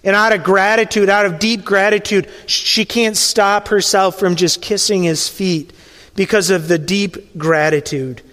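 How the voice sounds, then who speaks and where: A man preaching a sermon, retelling a scene as a story and dropping to a hushed voice at the emotional moments. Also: high-pitched, steady tone, measured pace, big-room sound.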